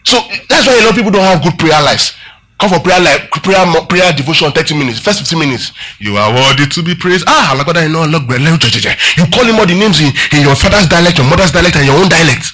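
A pastor preaches to his congregation, firing rhetorical questions and getting them to repeat lines back in call-and-response. He talks fast with lively intonation, his voice high, sharp and husky, on a rough recording.

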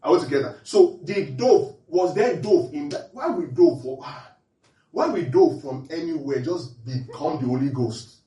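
A man's voice: a little high, expressive, normal speed, mellow. A man preaching and teaching from the Bible, often quizzing his listeners with repeated questions. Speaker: pastor. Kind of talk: interactive Bible teaching sermon. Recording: echoey room, mic at a distance.

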